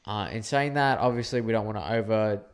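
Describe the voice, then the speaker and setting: A man's voice: lowish voice, a little fast, clean tone. A tipsy man co-hosting a film podcast, chatting casually and rambling with many repeated words. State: tipsy from drinking. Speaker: podcast co-host. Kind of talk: casual film review chat.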